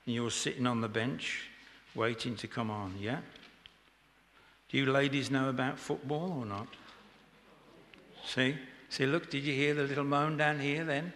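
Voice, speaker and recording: A man's voice: medium pitch, fairly even intonation, unhurried, long pauses, fairly bright tone, slight background noise. A man preaching an informal sermon in church, chatty and joking with the congregation. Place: church hall. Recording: echoey church hall.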